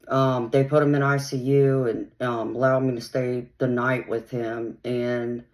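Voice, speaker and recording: Rambling woman vlogger telling a personal story. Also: extremely low pitch. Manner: rambling, full of "um" and "you know". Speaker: channel host.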